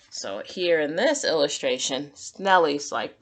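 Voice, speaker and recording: Slow-reading teacher, woman. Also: mid-range voice. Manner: sympathetic, asks questions. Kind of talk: reading a picture book aloud to children.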